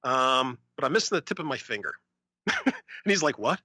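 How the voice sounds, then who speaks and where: A man tells a story on a podcast, his pitch jumping all over as he acts out the other people in it. His voice is bright and lively, and the mic is close and dry. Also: moderate pace, no echo. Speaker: podcast co-host. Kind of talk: casual storytelling.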